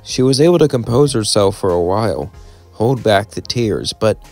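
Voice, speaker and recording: A man's voice: on the low side, animated, normal speed, a little mellow, soft background music. A young man telling a fan story in a rambling, casual way. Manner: rambling, run-on sentences.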